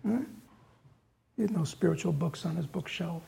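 A man's voice: on the high side, normal speed, vocal fry, dark tone. A man giving a dharma talk in a loose, conversational way, with frequent fillers, who reads story passages aloud with rising force. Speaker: dharma teacher.

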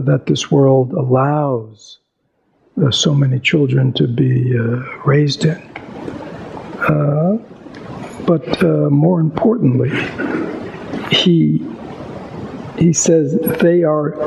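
A man giving a reflective Buddhist talk, asking rhetorical questions and pausing often to think, and reading a story aloud. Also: on the high side, vocal fry, lo-fi sound, background noise. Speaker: Buddhist teacher. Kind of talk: dharma talk with read-aloud passages.

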